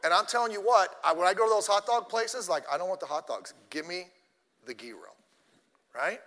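A male pastor preaching a sermon, telling stories in an animated way and addressing the congregation directly. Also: high-pitched, fast, in a large hall.

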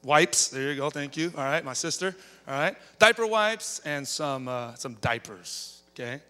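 A pastor with a fairly high, pushed and bright voice preaches expressively at a moderate pace, telling stories conversationally and adding "okay" and "all right" to his lines. The storytelling sermon takes place in a church sanctuary, recorded in a reverberant hall.

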